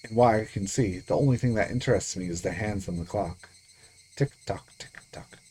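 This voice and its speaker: A man's voice: fairly low pitch, moderate pace, a little mellow, slight background noise, natural voice. A man voicing a guilt-ridden teenage girl sliding into paranoid delusion, reading a visual novel aloud, repeating himself obsessively. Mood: numb. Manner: obsessive repeating, frantic pleading.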